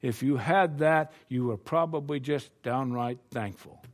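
An older American man with a mid-range voice preaches at a measured pace. His sermon has a folksy, conversational feel and is full of rhetorical questions.

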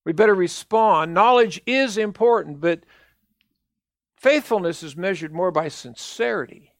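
Older guy preaching a sermon, higher voice, earnest and emphatic, dry sound. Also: animated, a little slow, no echo. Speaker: minister.

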